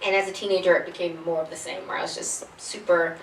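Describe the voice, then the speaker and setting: A woman author talking casually on a panel, animated and jokey, often breaking into laughs. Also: on the low side, fast talker. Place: bookstore event room with audience. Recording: echoey room, distant mic, crowd noise.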